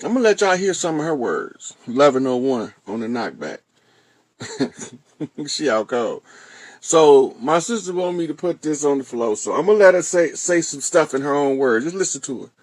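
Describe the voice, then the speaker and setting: A man with a Southern US accent talks casually and bluntly, full of slang and cursing. His voice sits a little high for a man and sounds dry and close. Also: lively intonation, moderate pace, dry recording. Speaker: host. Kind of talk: commentary on a played clip.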